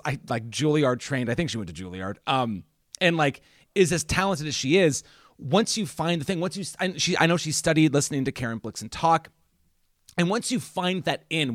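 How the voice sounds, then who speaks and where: Animated young man chatting about film. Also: fairly high pitch, dry recording, clean studio sound. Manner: animated, swears freely. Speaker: podcast guest. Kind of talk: casual film chat.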